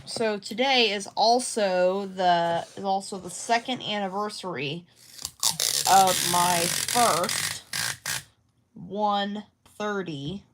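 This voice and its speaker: A woman's voice: mid-range voice, slow pace, heavy background noise. A woman vlogging casually at home about her craft projects, rambling and hesitant with many restarts. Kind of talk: casual talk to camera.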